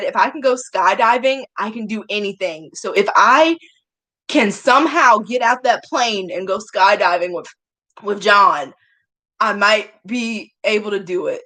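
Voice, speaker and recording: A woman's voice: medium pitch, pushed and bright. A young woman chatting casually to her viewers, self-mocking and often laughing. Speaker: vlogger.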